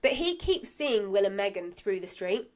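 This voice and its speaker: A woman's voice: mid-range voice, big pitch swings, normal speed. A woman co-hosting a podcast, chatting casually as she recaps a soap, laughing often and acting out characters' lines. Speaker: podcast co-host.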